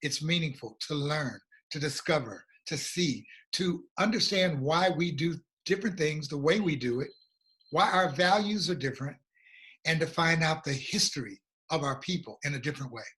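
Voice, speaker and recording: American guy telling his story, earnest and reflective, a bit high-pitched. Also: expressive, fairly bright tone. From USA. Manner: earnest, reflective, slow at emotional moments. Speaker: guest, regional coordinator. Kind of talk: personal storytelling in a conversation.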